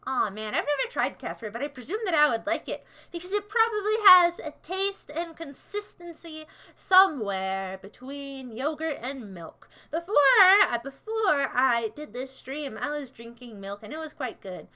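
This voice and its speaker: A woman streamer with a high, bright voice talks to her chat in a loose, rambling way. She teases her viewers, repeats words in silly chants and jumps from joke to joke. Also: very animated, moderate pace, hardly any pauses. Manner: goofy, rambling, teasing, breaks into silly songs. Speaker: livestream host. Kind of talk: casual livestream chat with viewers.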